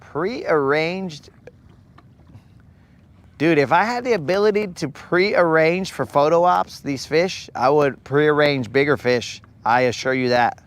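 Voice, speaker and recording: A man's voice: on the high side, slow pace. A man hosting a live fishing stream from a boat on a lake, chatting casually and slangily with viewers. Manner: laid-back, slangy, greets viewers from chat.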